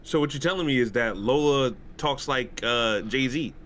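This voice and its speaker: A man co-hosting a casual wrestling chat, animated, joking and slangy. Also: medium pitch, moderate pace, a little hiss or hum. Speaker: podcast co-host. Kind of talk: casual banter.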